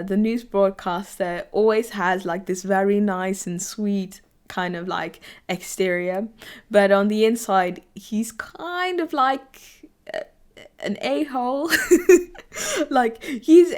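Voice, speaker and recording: A woman talks loosely and slowly, piling up fillers and restarts as she chats about the shows she watched. She breaks into laughs and gets teary when a story moves her. Her voice sits at an ordinary middle pitch. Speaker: anime vlogger. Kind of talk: casual chat.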